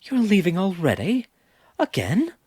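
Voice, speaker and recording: Storybook character: a man doing a heated, insistent young woman, high and animated. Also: unhurried, no echo, studio quality. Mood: distraught. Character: fierce, indignant young woman.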